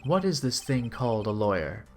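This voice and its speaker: A composed, stern prosecutor lays out his point in a measured, lecturing tone, as a man reads him aloud. He stays level and unhurried throughout. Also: mid-range voice, big pitch swings, darkish tone, faint music behind, pitched below the performer's own voice, lightly acted.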